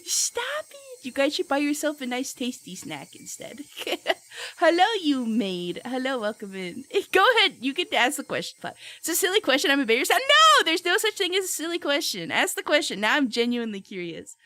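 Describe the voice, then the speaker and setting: A young woman streamer chatting casually with her viewers, giggly and playful, loudly reacting to chat. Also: high-pitched, big pitch swings, moderate pace, no room sound.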